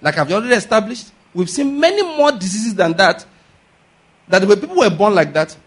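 A male pastor preaching with a high-pitched, husky voice. He drives his points home by firing questions at the congregation and repeating key lines. The delivery is insistent and emphatic. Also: sing-song, a little fast. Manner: emphatic, drills points with call-and-response questions. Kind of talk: sermon.

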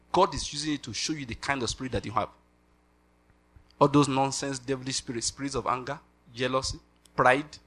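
Animated Nigerian preacher, bright voice. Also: male voice, medium pitch. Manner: animated, laughing, pidgin asides. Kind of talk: sermon.

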